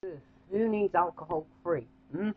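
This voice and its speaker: A woman's voice: fairly low pitch, moderate pace, slightly rough, phone-quality sound. A woman voicing a young male chicken son in an amateur cartoon, talking in a casual, offhand way.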